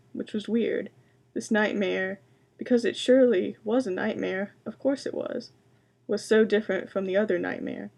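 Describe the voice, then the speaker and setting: A woman giving a booktalk presentation, introducing books and reading excerpts aloud in a quiet, measured way. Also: medium pitch, vocal fry. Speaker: library science student presenting books.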